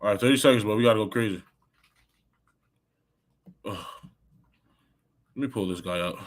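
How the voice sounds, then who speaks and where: A young man chatting on a live stream while he plays a video game. He is excitable and talkative, reacting to the game under his breath between stories. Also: fairly low pitch, normal speed. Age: young adult. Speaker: guest college football player. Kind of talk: casual live-stream chat while gaming.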